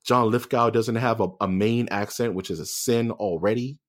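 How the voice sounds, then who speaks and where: A man with a fairly low voice chats casually as a podcast co-host. He talks in an animated, joking way, tossing in quick asides. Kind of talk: casual chat.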